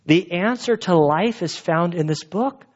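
A pastor with a high-pitched voice speaks a little slowly, preaching an earnest, conversational expository sermon. He addresses his congregation in the church sanctuary, and the lo-fi recording comes across as dull.

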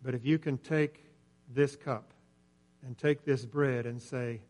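A man preaching a sermon in earnest, swelling louder on key points and dropping nearly to a whisper. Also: mid-range voice, steady tone, takes it slowly. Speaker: pastor.

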